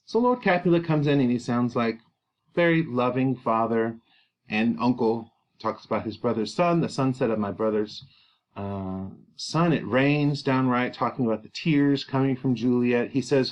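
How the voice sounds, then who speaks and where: A man teaching, explaining a play to students in an animated way with exclamations. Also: mid-range voice, normal speed, dull audio.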